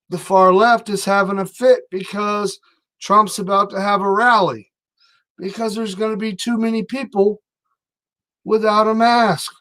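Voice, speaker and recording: A man's voice: sits high, fairly bright tone. A middle-aged man hosting an online stream, rambling through a heated, sarcastic political rant. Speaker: online livestream host.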